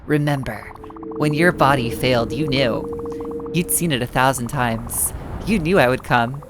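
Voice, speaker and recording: A woman voicing death itself, speaking slowly and gravely over game music. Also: rumbling low, voice pushed down, poor audio. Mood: tender. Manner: slow, grave, hushed. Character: solemn voice of death, ageless and calm.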